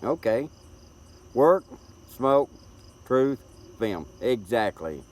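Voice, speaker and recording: Hosting a live stream, this middle-aged Tennessean speaks with a Southern accent in a mid-range, slightly mellow voice, drawing out words with big pitch swings. His chat is folksy and rambling, full of repeated words, picked up by a tablet's built-in microphone.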